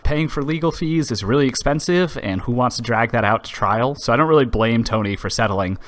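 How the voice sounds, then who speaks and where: A man's voice: mid-range voice, fairly quick. A man co-hosting a podcast, delivering news in a blunt, joking, profane way. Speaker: podcast co-host. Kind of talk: casual chat, news segment.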